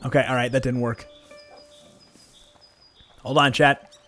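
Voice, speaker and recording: A young man chatting casually on a game livestream, animated and rambling, with laughing asides to his chat. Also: mid-range voice, unhurried, faint music behind. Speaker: streamer.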